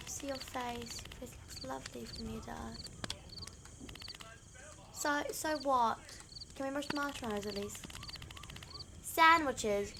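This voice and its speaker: A woman's voice: fairly high pitch, vocal fry, background noise. A woman with a New Zealand accent hosting a gaming channel, playing a horror game and talking dramatically to the characters, jumpy and easily scared.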